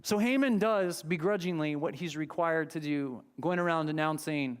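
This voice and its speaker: Male pastor, higher register, conversational storytelling sermon in a church. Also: moderate pace, few pauses, clear, resonant tone. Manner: conversational storytelling, retelling scripture dramatically. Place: church sanctuary.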